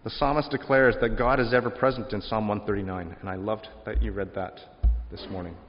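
A man preaches a relaxed, conversational sermon, reading scripture and weaving in stories about his family. His voice sits fairly low, and it carries the long reverb of a large hall through muffled, dull audio. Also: fairly quick, soft background music. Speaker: pastor.

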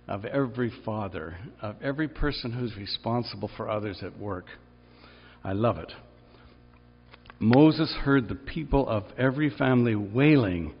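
Animated male preacher in a reverberant hall. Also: slightly rough. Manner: animated, acts out quoted cries in a high strained voice. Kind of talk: sermon. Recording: dull sound, long reverb in a large hall.

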